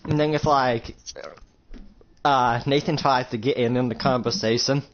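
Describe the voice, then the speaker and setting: A young man casually narrating a shared roleplay story to a friend, rambling with lots of fillers and sudden loud character lines. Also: mid-range voice, steady tone, moderate pace. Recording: lo-fi home recording with faint hiss.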